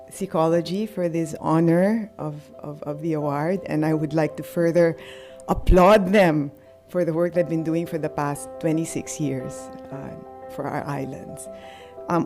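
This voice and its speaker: A Filipino woman in her sixties gives an acceptance speech in a slightly low voice. She speaks earnestly and haltingly, pausing often and restarting her sentences. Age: 60s. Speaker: award recipient.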